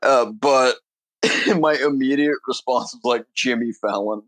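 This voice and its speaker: A man's voice: medium pitch, measured pace, fairly bright tone, dry recording. A young man co-hosting a podcast in casual banter, rambling through stories and laughing at his own jokes into a close mic. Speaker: podcast co-host.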